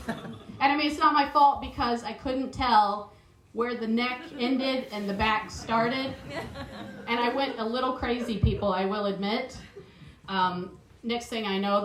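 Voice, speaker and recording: A woman's voice: a little high, fairly bright tone, slight background noise. A middle-aged woman with a New Zealand accent doing a chatty, self-mocking stand-up comedy set on stage, laughing at her own jokes. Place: stage at a live improv show. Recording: roomy live venue sound.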